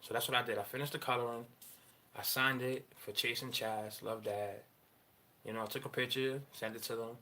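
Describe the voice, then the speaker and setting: Profane, rambling man with a bright voice. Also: mid-range voice, steady tone. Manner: rambling, profane, halting with many fillers. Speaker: father sharing personal story. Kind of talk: candid personal monologue.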